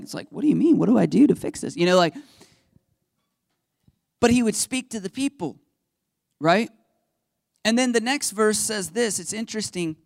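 A male pastor giving a casual, animated sermon in a church, acting out the people in his stories. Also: high-pitched, no echo, studio quality. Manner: animated storytelling, acts out voices. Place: church sanctuary under stage lights.

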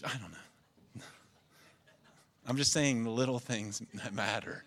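A man's voice: medium pitch, lively intonation, slow pace, pauses often, a bit bright. Male pastor, earnest emotional sermon delivery, repeats key phrases.

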